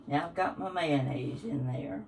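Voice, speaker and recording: Working through a recipe in her own kitchen, this older host chats warmly and homespun as she goes. Her voice sits low, unhurried and creaky. Captured from a distance and off-mic, the recording is very noisy, full of kitchen sounds and clinking utensils and dishes.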